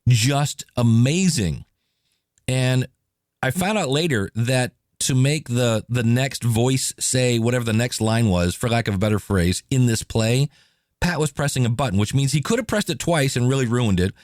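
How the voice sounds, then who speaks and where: A man hosting a podcast, telling stories in a casual, animated way and acting out quotes. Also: medium pitch, normal speed, no echo, studio quality. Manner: animated, chatty, acts out quotes. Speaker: podcast host. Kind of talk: casual solo podcast storytelling.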